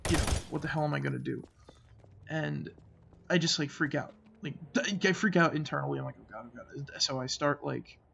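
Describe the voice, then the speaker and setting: Gravelly-voiced man telling a spooky story. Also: fairly high pitch, a bit bright, lo-fi sound, slight background noise. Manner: rambling, halting, frequent "like" and restarts; uneasy, drops to a murmur when voicing his own fearful thoughts. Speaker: channel host. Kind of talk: casual storytelling.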